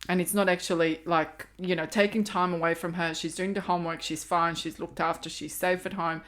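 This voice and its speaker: A middle-aged woman with a Croatian accent speaks in a fairly low voice as a guest on a podcast. She talks earnestly and with emphasis, repeating her key phrases, in the slightly broken English of a non-native speaker. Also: steady tone, brisk, a bit bright. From Balkans. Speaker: podcast guest, life coach. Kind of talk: casual podcast conversation.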